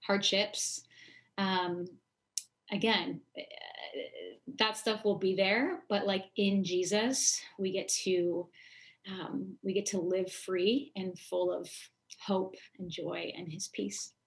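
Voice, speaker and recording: A woman's voice: medium pitch, fairly even intonation, takes it slowly. Casual young-sounding woman worship singer. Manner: casual, lots of "like". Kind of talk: interview answers.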